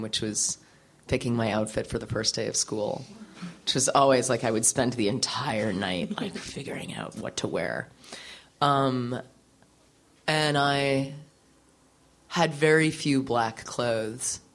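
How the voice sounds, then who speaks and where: Animated, laughing woman telling her story. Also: very deep voice. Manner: animated, laughing often, swearing freely, many fillers. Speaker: musician, interview guest. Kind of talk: candid storytelling in an interview.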